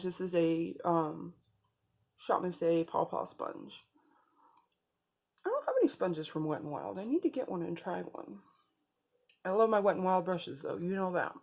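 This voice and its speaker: A woman's voice: fairly low pitch, vocal fry, a little mellow. A woman beauty vlogger talking viewers through a makeup tutorial in a casual, chatty way, speaking straight to them.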